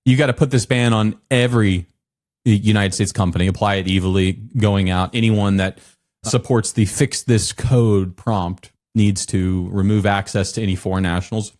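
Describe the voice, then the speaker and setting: A man co-hosting a podcast, explaining points step by step in a relaxed conversational way. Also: fairly low pitch, moderate pace. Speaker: podcast co-host. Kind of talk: casual chat.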